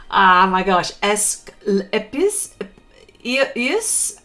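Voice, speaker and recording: A woman chatting on a painting live stream at an unhurried pace, her voice sitting a little high. She reads viewer comments aloud, stumbles over tricky words and laughs it off in a loose, homey way, talking into a computer mic at home. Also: fairly bright tone.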